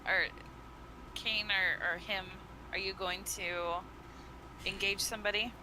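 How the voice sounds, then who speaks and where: A woman in a middle-pitched voice speaks slowly as a tabletop player. She keeps asking curious, probing questions. Clear background noise runs under her voice. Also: steady tone.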